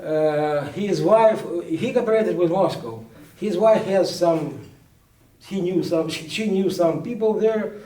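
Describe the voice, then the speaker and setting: A man, a journalist recounting events at a book presentation in a halting way, full of restarts. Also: sits high, warm tone. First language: Ukrainian. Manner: halting, many restarts and fillers. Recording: echoey room, speaker far from mic.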